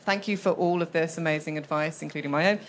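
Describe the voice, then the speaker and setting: Brisk woman live-show host. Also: low-pitched, slight background noise. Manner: brisk, steers the show, teasing announcer. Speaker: podcast co-host. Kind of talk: live podcast hosting. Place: live event in a shop.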